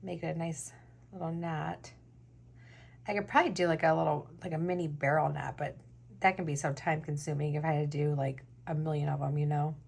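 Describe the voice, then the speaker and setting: A woman's voice: low voice, fairly even intonation, fast, creaky, a little mellow, breathy edge. A woman vlogger chatting casually as she makes jewelry, thinking aloud with lots of fillers. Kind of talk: casual crafting chat.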